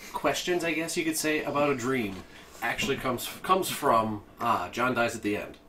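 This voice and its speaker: A man's voice: medium pitch, normal speed, pushed and bright. A man co-hosting a casual podcast chat, rambling as he retells a movie scene with lots of restarts. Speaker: podcast co-host. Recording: distant mic with faint ambient noise.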